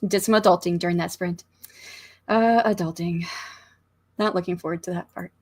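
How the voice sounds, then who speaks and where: This author's livestream comes from a room in her home, where an American woman with a slightly low voice chats at a moderate pace. She rambles and thinks out loud with plenty of fillers, reading viewer comments aloud along the way.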